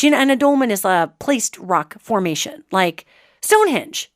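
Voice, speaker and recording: A woman's voice: medium pitch, sing-song, normal speed, no room sound, clean studio sound. A woman from the United States hosting a show, talking in a chatty, emphatic monologue with sarcastic asides. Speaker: host and psychic. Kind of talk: casual monologue.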